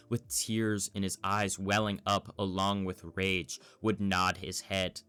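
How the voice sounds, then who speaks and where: A man narrating a fan story in a measured storytelling manner. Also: deep voice, flat delivery, sharp tone, clear, resonant tone, faint music behind.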